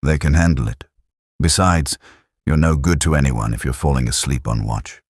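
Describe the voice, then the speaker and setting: Man playing a Welsh sergeant, Welsh accent, blunt, practical, in charge, husky, dry recording. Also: very deep voice, normal speed, no echo. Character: gruff, kindly Welsh platoon sergeant.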